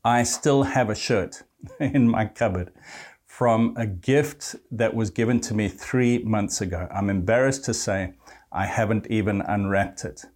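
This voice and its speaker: A man preaching a sermon, speaking directly to his listeners and quoting scripture, slowing down and lifting his pitch on key phrases. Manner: warm pastoral address to listeners, quoting scripture.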